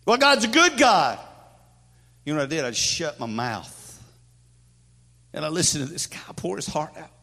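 A male pastor delivers an impassioned sermon in a somewhat high voice. He surges into loud declarations, then drops to hushed, intimate moments. Long reverb trails behind him from the church hall. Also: moderate pace, creaky, pauses often.

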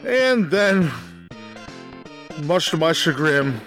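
A man from Canada co-hosts a gaming podcast. He teases his partner with dry, deadpan humor in a slightly raised pitch. Music plays clearly behind the talk. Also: drawn-out words. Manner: dry teasing jokes, deadpan list reading. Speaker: podcast co-host. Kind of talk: casual gaming podcast chat.

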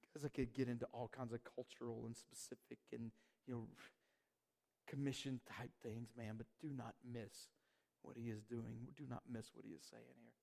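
A man's voice: medium pitch, level tone, normal speed, creaky, dark tone. A male pastor preaching a sermon, calling out to the congregation and pressing his points with emphasis. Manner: emphatic, call-and-response with the congregation. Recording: reverberant church hall.

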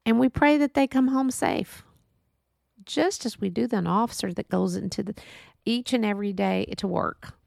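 A woman's voice: mid-range voice, moderate pace, vocal fry, a little mellow, no echo, clean studio sound. A middle-aged woman from Texas, telling a heartfelt story in a monologue and acting out the voices of the people in it. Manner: earnest, storytelling, acts out quoted voices. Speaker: podcast host.

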